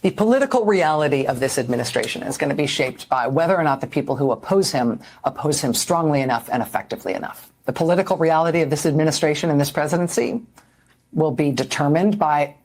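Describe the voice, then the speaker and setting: A woman's voice: low voice, lively intonation, fast talker, a little mellow, slight background noise. A woman giving earnest, emphatic televised news commentary. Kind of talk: broadcast commentary.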